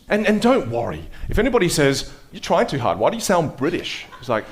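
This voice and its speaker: An Australian man coaching speech at a live workshop, energetic, emphatic and playful. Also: on the high side, fairly quick, few pauses.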